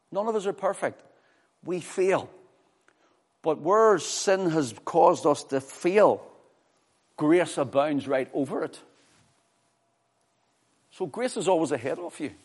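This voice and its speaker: A man preaching a sermon with fervor, swinging from loud, high exclamations to low, quiet scripture reading. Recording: long hall reverb.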